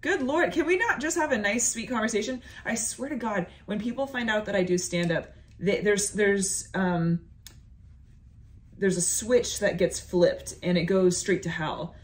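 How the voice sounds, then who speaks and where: A woman's voice: mid-range voice, a little slow. A young adult woman, a stand-up comedian, talking to camera in a sassy, playful monologue and stretching words out for emphasis.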